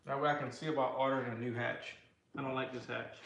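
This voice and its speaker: A man's voice: medium pitch, flat delivery, fast talker, vocal fry, a bit bright, lo-fi sound. A man hosting a casual livestream, rambling and talking to his viewers as he works. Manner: rambling, talks to chat, reads messages aloud. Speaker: livestream host. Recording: echoey room, faint background hum.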